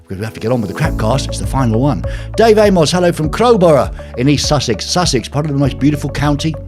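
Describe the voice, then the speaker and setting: Male host, live home stream, animated up-and-down delivery, rambling jokey chat with viewers. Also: mid-range voice, fast, soft background music. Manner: rambling, jokey, lots of fillers. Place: home penthouse flat.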